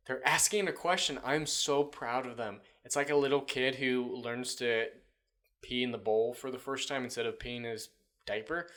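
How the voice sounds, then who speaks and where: A man's voice: mid-range voice, moderate pace, a bit bright. A man hosting a commentary video, reading out an article and mocking it with sarcastic, profane asides. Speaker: commentary channel host.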